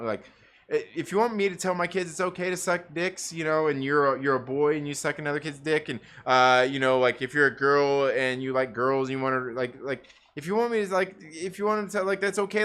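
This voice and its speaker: A man with a fairly bright, high-leaning voice rants as a livestream co-host and parent in casual commentary. He's profane and rambling, with lots of fillers and restarts.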